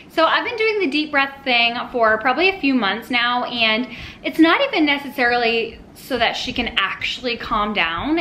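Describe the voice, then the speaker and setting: A woman's voice: fairly high pitch, sharp tone, slight background noise, low-quality recording. A mother talking casually to the camera at home about parenting, chatty and full of little asides. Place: at home with her toddler nearby.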